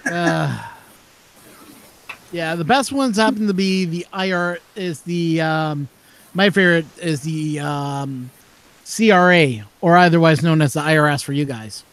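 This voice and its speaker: A man's voice: on the high side, measured pace, a bit bright. A man hosting a casual chat, telling stories and playing out old phone calls. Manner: chatty storyteller, plays out phone calls. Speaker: channel host.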